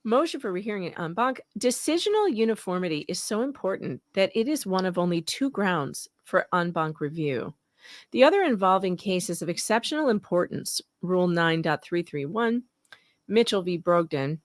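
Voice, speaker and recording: A woman's voice: on the low side, moderate pace, dry recording, clean studio sound. A woman co-hosting a casual legal talk show, reading a court motion aloud and laughing and teasing between passages. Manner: lively, laughs often, teasing. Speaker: podcast co-host.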